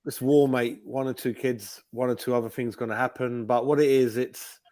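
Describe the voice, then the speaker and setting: A man co-hosting a casual football watch-along chat, speaking in a measured way with frequent ums. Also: mid-range voice, steady tone, a little mellow, dry recording. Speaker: watch-along show co-host. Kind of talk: casual banter.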